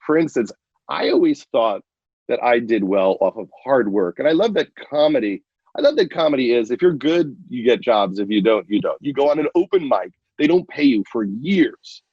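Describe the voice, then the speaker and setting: A man with a husky, slightly raspy voice, speaking as a guest in a casual chat. He works through his points in an earnest, thoughtful way. The audio is dull and lo-fi, and the sound is dry. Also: medium pitch, expressive, moderate pace, a little mellow, no echo. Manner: earnest, reflective. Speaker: podcast guest. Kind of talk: casual conversation.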